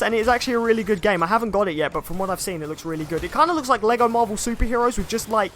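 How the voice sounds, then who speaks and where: Young male streamer, high voice, loose rambling commentary with chat replies, soft game music behind. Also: expressive, racing, hardly any pauses. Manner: chatty, rambling, reads chat comments aloud. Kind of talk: casual live-stream commentary.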